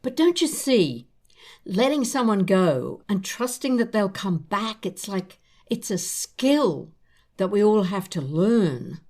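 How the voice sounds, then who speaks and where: Older woman hosting a podcast, talks gently and reflectively with a lively swinging pitch. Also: takes it slowly. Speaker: podcast host. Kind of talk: casual chat between old friends.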